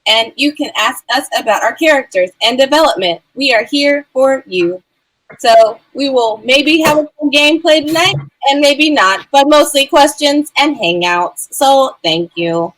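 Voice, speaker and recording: A woman's voice: high voice, animated, a little slow, fairly bright tone, low-quality recording. Stiff, formal woman announcing on stream. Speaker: player. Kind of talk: casual stream chat.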